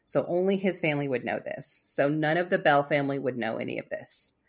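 A woman's voice: sits low, lively intonation, brisk, creaky. A woman casually telling a spooky story on a podcast, rambling with fillers and restarts. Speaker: storyteller co-host.

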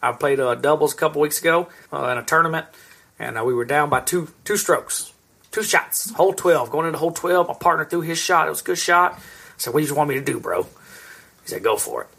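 A man's voice: a little high, a little fast, gravelly, bright, forceful tone, slightly rough. A man in his thirties, a podcast co-host, telling long rambling stories in casual chat and swearing freely. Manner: rambling storyteller, swears a lot.

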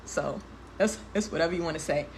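A livestream host in her twenties talks casually, candidly and emotionally while tearful, laughing a lot and swearing freely in heavy slang. Her voice is low-pitched and brisk, with a slight hiss or hum.

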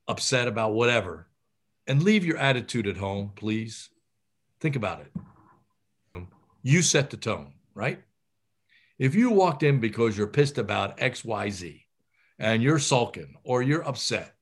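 A middle-aged male surgeon gives advice in an interview. His voice sits at an ordinary pitch. He talks with high energy, full of fillers and self-corrections. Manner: animated, energetic, with frequent fillers and restarts.

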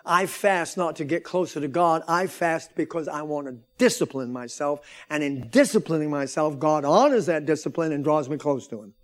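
A man preaching a sermon, calling out for amens and rising into shouted emphasis. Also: on the high side, moderate pace, few pauses. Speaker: pastor.

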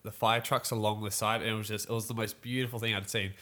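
A young man, telling a story in a casual podcast chat and acting out other people's voices as he goes. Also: on the low side. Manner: animated storytelling, quick laughs, acts out voices.

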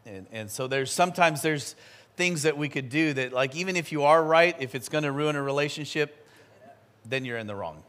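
A man, a pastor, preaching a sermon and telling a personal story in a lively, chatty way. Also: on the high side. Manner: animated storytelling with quick asides.

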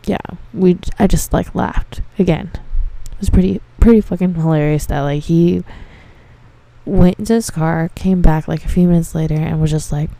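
A woman's voice: lowish voice, steady tone, normal speed, mellow, dry recording. A young woman, a dispensary receptionist, telling casual stories about her customers, cursing freely and laughing as she goes. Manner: profane, laughing, exasperated storytelling. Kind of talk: casual storytelling monologue.

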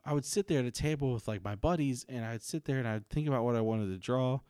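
A man's voice: mid-range voice, quick pace, mellow, clean tone, no echo, studio quality. A young man co-hosting a podcast, telling stories in a rambling way, full of "like", acting out quotes. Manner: rambling storyteller, heavy on "like", acts out quotes. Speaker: podcast co-host. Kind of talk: casual chat.

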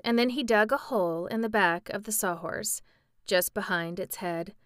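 A woman narrating a classic children's story in a steady, clear reading voice. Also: mid-range voice, dry recording, clean studio sound. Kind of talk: audiobook storytelling.

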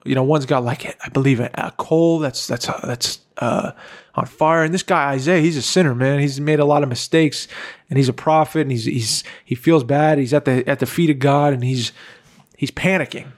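A man's voice: mid-range voice, steady tone, moderate pace. A young man co-hosting a podcast, talking casually and earnestly with lots of "like" and "bro". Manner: earnest, heartfelt, full of "like" and "bro". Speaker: podcast co-host. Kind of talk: casual chat.

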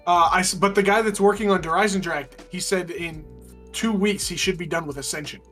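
A man's voice: high voice, brisk, fairly bright tone, soft background music. A man in casual gaming chat, rambling through stories and mocking himself as he laughs.

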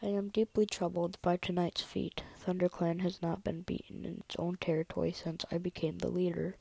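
A woman's voice: on the low side, little pitch movement, moderate pace, creaky, mellow, husky, dry recording, rough recording. A woman voicing an old, troubled she-cat clan leader in a whispered role-play.

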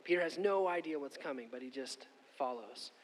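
A middle-aged man preaching a sermon and telling a personal story, conversational and animated, often asking "okay?". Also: a little high, a little fast, a little hiss or hum. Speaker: pastor. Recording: long hall reverb.

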